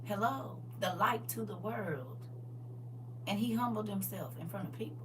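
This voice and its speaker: A middle-aged woman preaching a lively sermon to a congregation. She swings between soft asides and loud bursts and acts out the people she quotes. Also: medium pitch, normal speed. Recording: distant mic with faint hum.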